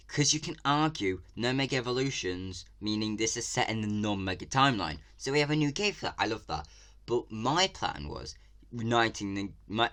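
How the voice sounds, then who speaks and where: Excitable, bright-voiced English man ranting. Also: on the low side. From England. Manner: excitable, ranting, swears freely. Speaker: reaction video creator. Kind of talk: casual reaction commentary.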